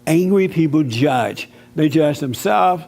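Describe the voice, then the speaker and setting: A man preaching in a loose, conversational way, earnest and repetitive as he drives his points home. His voice sits a bit higher than most men's. He talks like he's chatting with the room rather than reading a script. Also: lively intonation, slow pace, gravelly, a little mellow. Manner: testimonial storytelling. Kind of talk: informal sermon-style teaching to an audience.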